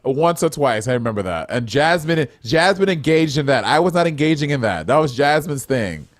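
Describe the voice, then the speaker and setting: Podcast co-host guy, kinda high voice, teasing and cussing in casual banter. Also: very animated, moderate pace. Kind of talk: casual chat.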